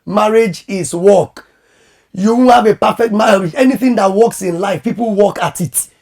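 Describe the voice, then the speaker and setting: A man who is a pastor and marriage coach, giving animated advice in conversation and acting out quoted voices. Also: high-pitched, normal speed.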